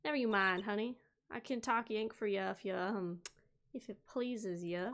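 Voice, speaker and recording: A woman's voice: medium pitch, normal speed, a bit bright, a little hiss or hum, lightly acted. A woman doing a drawling Southern gal. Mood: friendly. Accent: Southern US, put on. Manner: drawling, folksy, brash. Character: brash folksy young Southern woman photographer.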